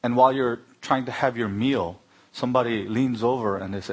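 A man's voice: medium pitch, fairly quick, breathy edge. A middle-aged man, preaching a sermon full of personal stories and acted-out dialogue. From Korea. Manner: anecdotal, animated when acting out dialogue. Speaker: pastor. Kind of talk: sermon with storytelling.

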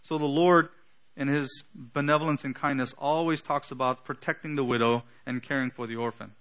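A man preaching an earnest sermon, teaching with emphatic pauses and the odd filler. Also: mid-range voice, steady tone, fairly bright tone. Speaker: pastor.

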